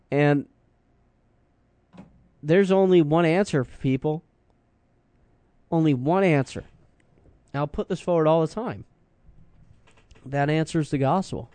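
A man hosting a talk radio show, reading headlines with energetic asides. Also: fairly high pitch, slow pace, long pauses, smooth, no room sound.

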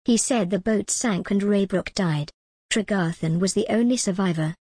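A woman's voice: mid-range voice, normal speed, warm tone, slightly rough, dry recording, natural voice. A woman reading the lines of an old village woman sharing rumors in a storybook, in a dry voice. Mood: telling.

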